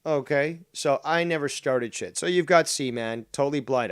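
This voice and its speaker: A man's voice: fairly high pitch, normal speed, clean tone, dry recording, studio quality. A man hosting a drama commentary show, combative and profane as he mocks a rival's clip.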